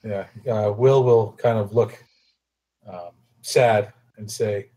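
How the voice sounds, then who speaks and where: A man's voice: fairly low pitch, fairly even intonation, takes it slowly, warm tone. A man playing a tabletop game, speaking for his character with many stammers and restarts. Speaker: player.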